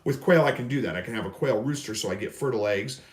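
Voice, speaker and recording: A man from Missouri, USA, hosting a relaxed livestream, voices viewer questions and answers them in a folksy, wandering manner. He speaks fast at a medium pitch, and the recording has a roomy echo.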